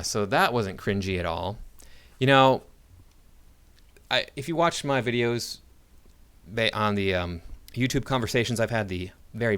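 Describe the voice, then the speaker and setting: A man's voice: fairly low pitch, fairly bright tone. Sarcastic American man reacting to video. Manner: sarcastic and argumentative, halting restarts. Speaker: online commentator.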